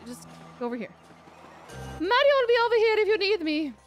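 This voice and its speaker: A woman's voice: extremely high pitch, sing-song, a little fast, faint music behind. A young woman streaming a video game, chatting in a bubbly, chaotic way that is full of fillers. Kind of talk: casual let's-play chat.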